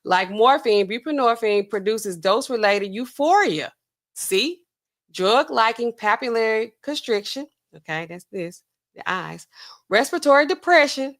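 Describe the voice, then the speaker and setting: With a fairly high, fairly bright voice and lively intonation, the pharmacist host talks a little slowly. She skims drug paperwork, reads it aloud casually, and checks in with "okay?" again and again.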